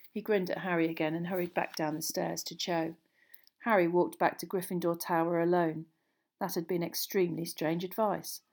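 A woman narrating a storybook aloud in a steady, measured reading. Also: lowish voice. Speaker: audiobook narrator.

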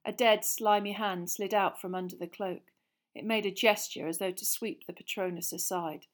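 A woman narrating a fantasy novel aloud with tense, expressive storytelling that builds suspense. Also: mid-range voice, moderate pace. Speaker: audiobook reader.

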